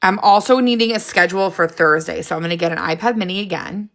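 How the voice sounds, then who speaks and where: Woman, excitable, gravelly edge, chatty live-stream host, scattered, laughing. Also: on the low side, fast talker. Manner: excitable, jumps between ideas, frequent laughs. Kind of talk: casual live stream chat.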